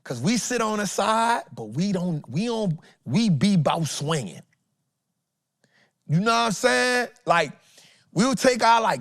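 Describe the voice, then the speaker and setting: Man host, fired-up motivational trading talk, voice a bit high, dry close sound. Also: measured pace, no echo. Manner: animated, preachy, swings loud and soft, acts out quotes.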